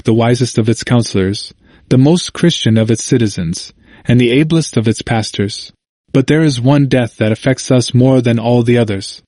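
Man, audiobook narrator, measured, solemn, mid pitch, dry close sound. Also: warm tone, dry recording. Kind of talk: scripted history narration.

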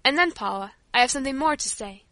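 Storybook father, middle-aged man, earnest and measured, read by a woman, high bright tone. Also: animated, no echo.

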